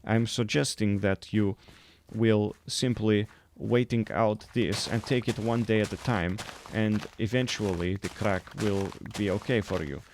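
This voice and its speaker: A man playing an earnest, oversharing man who speaks in broken English and keeps pleading his case. The voice is low, with a faint hiss behind it. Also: fairly even intonation, a little slow, hardly any pauses, darkish tone.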